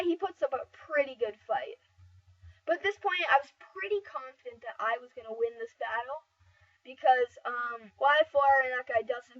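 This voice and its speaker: A woman giving casual, rambling game commentary over footage, excitable and full of fillers and restarts. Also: sits high. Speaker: gameplay commentator. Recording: dull lo-fi mic, slightly distant.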